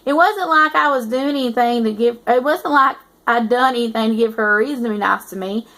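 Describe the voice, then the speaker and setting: A woman's voice: a little high, brisk, sharp tone. A woman reading aloud as a teasing eighteen-year-old male student narrating his story. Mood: amused. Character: cocky teasing young male college narrator.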